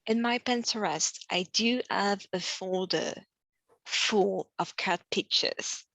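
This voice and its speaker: A woman playing a tabletop game, chatting casually in a slow, giggly way. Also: mid-range voice, a bit bright, dry recording. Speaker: player.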